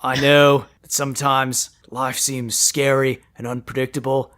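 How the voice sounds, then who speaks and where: A man's voice: medium pitch, level tone, measured pace, fairly bright tone. A man voicing a laid-back male teenage turtle who talks like a surfer and calls everyone "dude". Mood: reassuring. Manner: drawling, rambling, says "dude" constantly.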